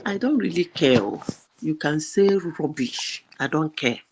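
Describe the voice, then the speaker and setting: A woman arguing politics with scorn, pressing each point slowly and deliberately. Her voice is lowish for a woman and swoops widely in pitch as she pushes her case. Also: expressive, a little mellow, slight background noise. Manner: emphatic, scornful. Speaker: panelist. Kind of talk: heated political discussion.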